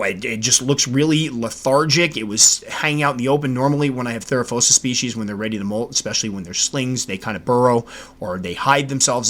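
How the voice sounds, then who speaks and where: A man hosting his own podcast and talking casually on his own. He tells stories with animated delivery and voices his own exasperated reactions. His voice sits in a middle pitch. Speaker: podcast host. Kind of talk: casual solo podcast talk.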